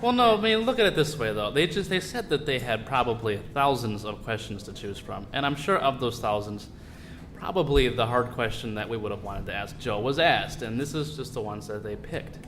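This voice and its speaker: A man on a live panel calmly reasons through a point. His voice sits in a middle register. The recording is noisy, from a live event. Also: mid-range voice, brisk. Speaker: podcast panelist. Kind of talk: casual discussion.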